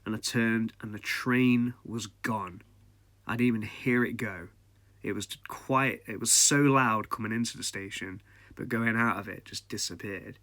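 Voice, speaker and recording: Chatty guy with a low voice. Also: measured pace, fairly bright tone, no echo. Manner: casual, chatty, laughs often. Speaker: podcast host. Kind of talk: storytelling a personal ghost story.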